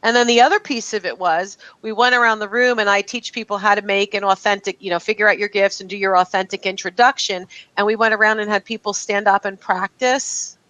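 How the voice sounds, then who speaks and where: A woman's voice: medium pitch, fairly even intonation, fairly quick, few pauses, pushed and bright, no echo, highs cut off. A woman from New Jersey who teaches networking workshops, telling a story with enthusiasm in a casual video-call chat.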